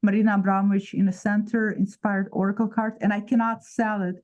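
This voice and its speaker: A woman's voice: mid-range voice, flat delivery, a little fast, a little mellow, lo-fi sound. A woman chatting casually on a video call, reading out viewer comments and joking. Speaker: co-host.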